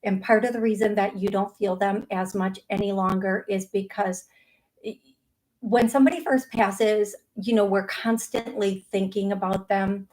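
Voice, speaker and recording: The middle-aged host of a psychic medium show fields live calls in a casual, talkative way, full of easy laughter, fillers, and restarts. Her mid-range voice holds a steady tone with a darkish quality at normal speed, and the audio is poor.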